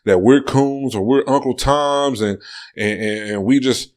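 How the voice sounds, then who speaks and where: Male podcast co-host, emphatic, profane, repetitive, mid-pitched. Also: measured pace. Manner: emphatic, repeats phrases, profane. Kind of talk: casual podcast talk.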